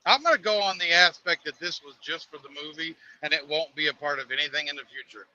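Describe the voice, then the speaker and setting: Guy with a super bright sharp voice, muffled mic, movie chat. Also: on the high side, fast. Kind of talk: casual movie review chat.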